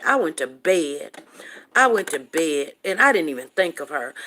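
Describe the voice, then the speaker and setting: Animated woman telling a story. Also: mid-range voice. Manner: animated, emphatic, calls listeners "honey" and "you guys". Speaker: livestream show host. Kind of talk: casual storytelling to viewers.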